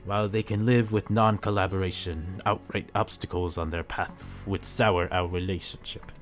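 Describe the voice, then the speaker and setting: Man doing a scheming school official, formal diction, low-pitched. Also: steady tone, moderate pace, soft background music, natural voice. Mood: measured.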